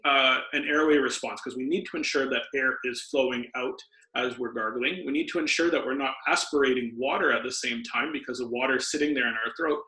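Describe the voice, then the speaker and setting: A man's voice: medium pitch, pushed and bright. A man, a doctor, patiently explaining health tips as a podcast guest. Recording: roomy echo.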